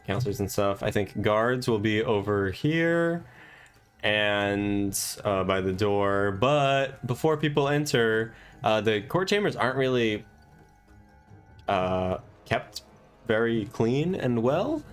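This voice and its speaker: A man's voice: lowish voice, clear, resonant tone. A man acting as game master, thinking aloud as he rambles through plans for a tabletop session. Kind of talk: casual planning monologue.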